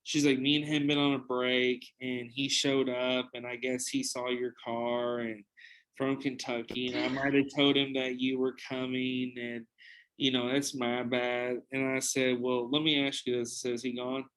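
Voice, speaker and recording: A man's voice: mid-range voice, little pitch movement, moderate pace, a bit bright, clean tone, poor audio. A young man hosting a podcast, telling a long anecdote in a casual, profane, rambling way with frequent restarts. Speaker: podcast host. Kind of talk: casual storytelling.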